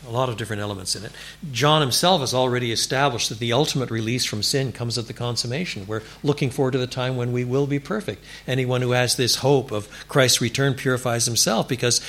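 A man preaching a sermon in a church, animated and building to emphatic declarations. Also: medium pitch. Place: church before a congregation.

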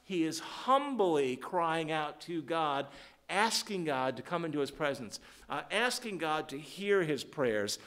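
A man preaching a sermon, halting with fillers and restarts, then rising to fervent emphasis when quoting scripture. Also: on the high side, lively intonation, fairly bright tone.

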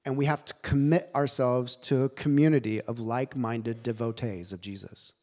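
A man preaching a sermon, animated and emphatic, telling the story with dramatic pauses. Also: mid-range voice.

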